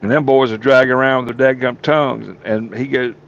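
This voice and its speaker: A storyteller on a talk show spins rowdy tales in a folksy drawl full of colorful profanity. He has a mid-range voice with fairly even intonation and a quick pace. The sound is dull and lo-fi, with faint room noise behind him.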